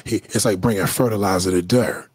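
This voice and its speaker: Man, livestream host, husky, dry close sound, emphatic, profane, preachy. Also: on the low side, fairly quick, no echo. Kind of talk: casual livestream monologue.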